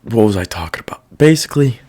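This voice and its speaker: Man ranting with lively, swooping pitch. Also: fast, slightly rough. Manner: profane, irritated ranting; rambling, loses his train of thought. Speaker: podcast host. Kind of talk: casual monologue.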